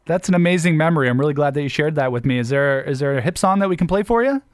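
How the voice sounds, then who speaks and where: A man's voice: a little high, expressive. A man hosting a call-in radio show, chatting with callers in a friendly, agreeable way. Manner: friendly, agreeable, quick replies. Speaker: radio host. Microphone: studio mic.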